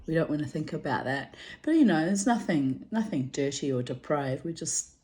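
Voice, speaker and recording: A woman's voice: low-pitched, lively intonation, moderate pace, warm tone. An older woman, rambling through a personal story in a chatty way, laughing often. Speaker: vlogger.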